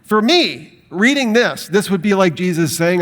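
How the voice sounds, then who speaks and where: Animated man teaching on the Bible. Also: high voice, normal speed. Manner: animated and emphatic, with rhetorical questions. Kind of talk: lecture to an audience.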